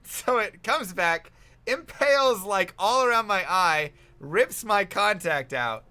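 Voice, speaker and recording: A man's voice: high voice, expressive, slow pace, pushed and bright. A man telling a rambling, self-mocking story in casual chat while streaming a game.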